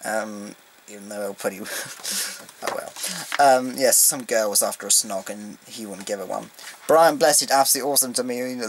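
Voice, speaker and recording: A man in a casual home vlog, recapping a fan event in an excitable, rambling way with lots of ums. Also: fairly low pitch, normal speed, slight background noise, poor audio. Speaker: vlogger. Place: indoors at home, beside his collection.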